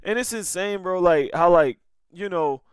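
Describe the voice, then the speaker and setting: A man's voice: sits high, measured pace, clear, resonant tone, dry recording. A young man giving casual, slangy reaction commentary on a clip, saying "bro" again and again.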